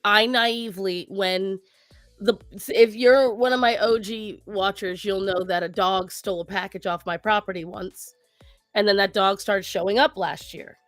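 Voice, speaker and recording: A woman co-hosting a casual talk show, speaking to her viewers and giving pet advice in an animated way. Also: medium pitch, moderate pace, dry recording, soft background music. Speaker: co-host. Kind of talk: casual chat.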